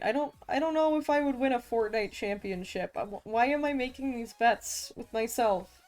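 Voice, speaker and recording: A woman's voice: fairly high pitch, moderate pace, few pauses, darkish tone, faint music behind. A woman streaming as a vtuber, chatting casually with viewers while drawing, playful and self-mocking with frequent laughs and restarts.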